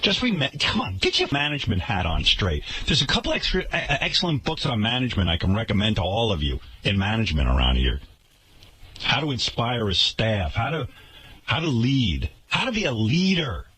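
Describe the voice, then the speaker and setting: A man's voice: big pitch swings, fairly quick, bright, forceful tone, slightly rough. A man hosting a radio show, ranting indignantly and sarcastically about the management of his workplace. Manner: indignant, sarcastic, swinging pitch. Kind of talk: ranting talk radio monologue. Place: radio studio.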